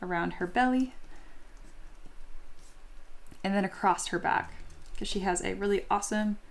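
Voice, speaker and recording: A woman's voice: mid-range voice, fairly quick, creaky. A woman teaching 3D sculpting on a live stream, chatty and self-deprecating, laughing often and reading viewer comments aloud. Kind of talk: casual live-stream tutorial.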